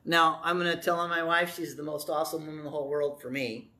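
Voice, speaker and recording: A middle-aged man preaching a sermon in a folksy way, with joking asides, slowing down to stress key words. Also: fairly high pitch, flat delivery, sharp tone. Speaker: pastor.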